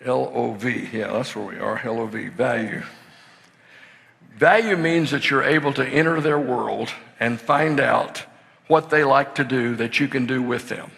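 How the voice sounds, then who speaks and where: An older man preaching a sermon, telling stories that swing from hushed to excited shouting. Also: mid-range voice, measured pace, gravelly. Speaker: pastor. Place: church sanctuary. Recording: long hall reverb in a church.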